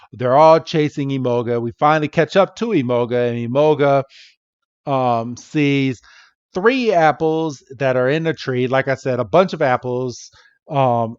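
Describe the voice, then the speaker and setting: A man's voice: mid-range voice, clear, resonant tone, no room sound. Male podcast co-host, casual recap, slightly muffled, dry close sound. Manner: animated retelling with quick impressions of characters. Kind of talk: casual episode recap chat.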